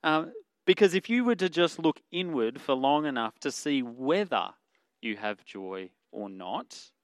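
A man's voice: medium pitch, creaky, no room sound. Earnest man preaching, dry close sound. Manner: earnest, conversational preaching with fillers and self-corrections. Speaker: pastor. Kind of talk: sermon.

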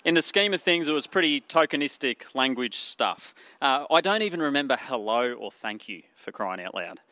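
A man's voice: medium pitch, animated, normal speed, bright, forceful tone, dry recording. A man with an Australian accent preaching a sermon in an earnest way, asking rhetorical questions and using fillers.

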